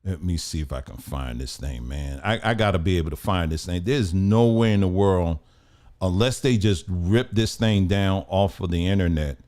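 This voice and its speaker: A man's voice: sits low, normal speed, darkish tone. A middle-aged man hosting a casual news commentary show, rambling, muttering to himself and laughing often. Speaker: host.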